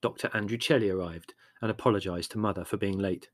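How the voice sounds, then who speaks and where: Man reading an audiobook, low voice, dry close sound, measured. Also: steady tone, no echo. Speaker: audiobook narrator. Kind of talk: scripted narration.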